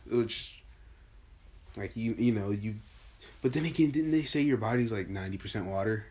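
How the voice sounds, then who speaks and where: A man's voice: lowish voice, normal speed, a little mellow. A man hosting a casual podcast chat, goofy and rambling, stumbling over his words. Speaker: podcast host.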